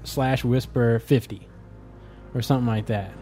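A man co-hosting a casual gaming podcast, reading listener mail in a jokey, animated way and swearing casually. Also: mid-range voice, moderate pace, faint music behind.

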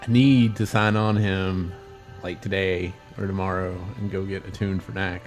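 A man co-hosting a casual gaming podcast, chiming in with jokes and quick asides. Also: low voice, little pitch movement, faint music behind. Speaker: podcast co-host.

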